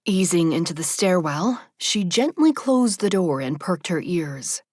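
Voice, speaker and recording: A woman narrates an audiobook in a soft, measured storytelling manner. Her voice is low-set and breathy. The recording is dry and close. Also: expressive, no echo.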